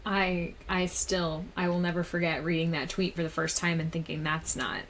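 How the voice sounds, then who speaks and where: Woman podcast host, lowish voice, sympathetic interviewer, faint background hiss. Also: flat delivery, normal speed.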